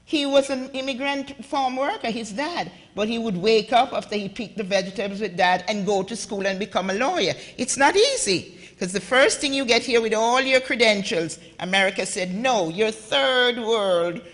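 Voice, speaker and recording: A woman's voice: fairly high pitch, normal speed, hardly any pauses, fairly bright tone. A woman from Jamaica with a Jamaican accent, giving an impassioned talk at a conference and speaking straight to the audience. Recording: echoey hall with long reverb.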